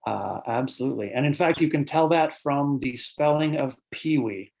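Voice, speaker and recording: A man's voice: mid-range voice, moderate pace, creaky, darkish tone, slight background noise. A man giving a lecture on bird sounds at an online conference, explaining terms with frequent fillers and answering audience questions between points. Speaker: birding author and presenter.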